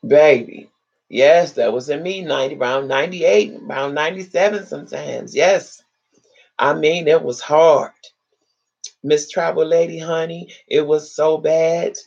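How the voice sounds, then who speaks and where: Raspy woman telling a hard story. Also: low voice, measured pace, highs cut off. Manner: dramatic, animated retelling with acted-out quotes. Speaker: live video host. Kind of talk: emotional personal storytelling to live viewers. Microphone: live video chat setup.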